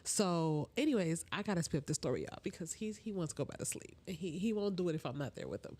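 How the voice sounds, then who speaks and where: Animated woman telling a story. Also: on the low side, quick pace, hardly any pauses. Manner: animated and slangy, addresses viewers as y'all and honey. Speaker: storytime livestream host. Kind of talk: casual live storytelling to viewers. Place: at home with her small child.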